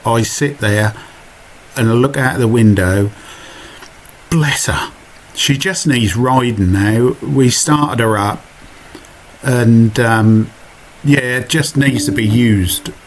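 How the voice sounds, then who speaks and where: A man's voice: mid-range voice, takes it slowly, slight background noise. A man with a Suffolk accent narrating his own cycling video in a chatty, self-mocking voiceover full of asides. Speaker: vlogger.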